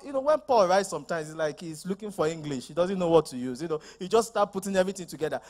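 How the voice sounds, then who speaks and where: A man preaching a sermon as pastor, emphatic, full of rhetorical questions and sudden shouted lines. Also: high voice, very animated, a little fast, hardly any pauses. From Nigeria.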